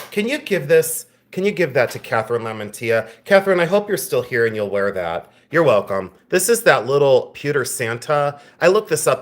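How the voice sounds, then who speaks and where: A man with a mid-range voice hosts a live stream selling jewelry. He teases viewers in the chat and laughs a lot, growing tender when he addresses a friend.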